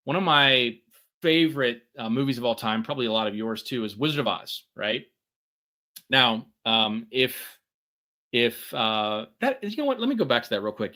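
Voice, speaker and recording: Bright-voiced man chatting with many fillers. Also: lowish voice. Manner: conversational, many fillers and tag questions. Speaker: podcast co-host. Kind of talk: workshop talk.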